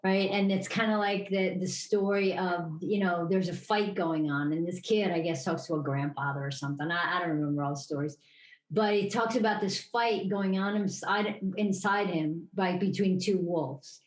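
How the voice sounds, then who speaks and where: A woman's voice: lowish voice, moderate pace. A woman co-hosting a podcast in casual chat, telling stories in a rambling way with many restarts. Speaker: podcast co-host. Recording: roomy echo.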